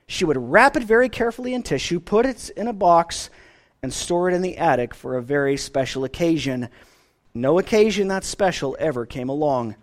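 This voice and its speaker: A man's voice: on the high side, big pitch swings, moderate pace. A man preaching a sermon as pastor, earnest and emphatic.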